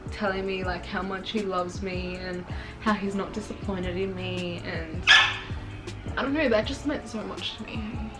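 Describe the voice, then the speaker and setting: A woman's voice: medium pitch, poor audio. A young woman vlogger telling a personal story in a casual sit-down chat. She rambles and fills her talk with "like.". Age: young adult. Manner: chatty and rambling, full of "like".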